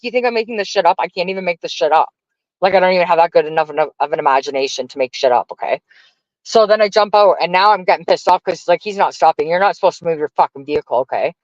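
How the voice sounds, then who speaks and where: A woman's voice: fairly low pitch, no room sound. Lady streamer venting, swearing nonstop, kinda dull dry lo-fi sound. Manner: profane, rambling, heated. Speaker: livestreamer. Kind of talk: casual live-stream rant.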